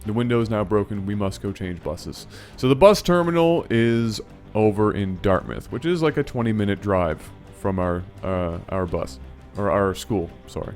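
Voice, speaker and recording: A man hosting his channel, telling a funny personal story in an animated, playful way, often correcting himself mid-sentence. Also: lowish voice, moderate pace, hardly any pauses, soft background music. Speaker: channel host. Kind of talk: storytelling vlog.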